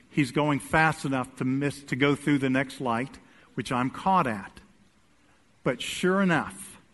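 Bright-voiced animated male preacher. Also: on the high side, slight background noise. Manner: animated storytelling, swings from soft asides to loud emphatic peaks. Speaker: pastor. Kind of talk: sermon with humorous personal story. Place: church sanctuary with congregation.

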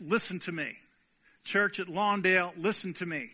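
Bright, high-voiced preaching pastor. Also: male voice, moderate pace. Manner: preaching with rhetorical questions and emphatic repetition. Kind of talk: sermon.

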